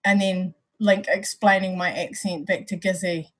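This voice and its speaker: A woman's voice: fairly low pitch, fairly even intonation, moderate pace. A woman with a New Zealand accent, co-hosting a casual chat and explaining things at length with lots of restarts. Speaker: vape show co-host.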